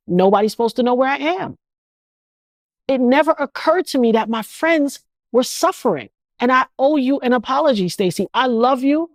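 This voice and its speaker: In an emotional interview, a guest in her fifties talks in a repetitive, emphatic rhythm like a preacher. Her voice sits high, and there's no echo.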